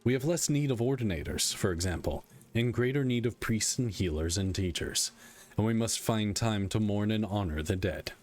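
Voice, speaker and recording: A man reading aloud the lines of a weary male god-king who speaks dryly and candidly, in a plain, measured voice. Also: lowish voice, lively intonation, darkish tone, faint music behind, lightly acted. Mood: solemn.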